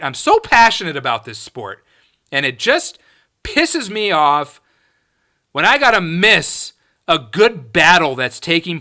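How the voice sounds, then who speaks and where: Fired-up podcast guy cussing up a storm, high bright voice, swings all over the place. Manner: heated, profane, emphatic ranting. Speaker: podcast host. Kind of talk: solo podcast rant.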